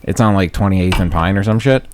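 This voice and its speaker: A man's voice: low-pitched, fairly quick, a little hiss or hum. A man co-hosting a podcast, telling a crude story in casual chat, swearing and laughing often. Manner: profane, laughing, acts out quoted voices loudly. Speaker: podcast co-host. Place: podcast studio.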